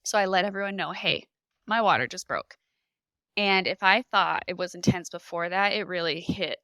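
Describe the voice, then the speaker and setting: A woman's voice: mid-range voice, smooth, no echo. A young woman guest on a podcast, animatedly retelling a personal experience and acting out what people said. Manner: animated, emotional retelling with lively reenacted quotes. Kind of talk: personal storytelling in a podcast interview.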